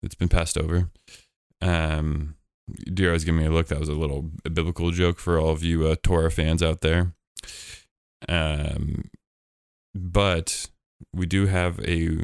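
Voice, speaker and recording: A man's voice: deep voice, fairly even intonation, normal speed, creaky, no room sound, studio quality. A man hosting a podcast, chatting casually in a rambling, jokey way with lots of fillers. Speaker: podcast host.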